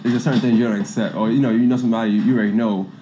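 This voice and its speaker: A man rambles very quickly and uses lots of fillers, speaking. His voice is deep and mellow. There is faint background noise behind him. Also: steady tone.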